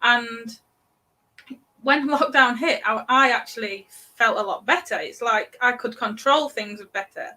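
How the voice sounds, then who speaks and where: A British woman in her thirties, a parenting coach chatting as a guest, talking in halting bursts with many restarts. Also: fairly high pitch, bright, forceful tone. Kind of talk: casual podcast interview.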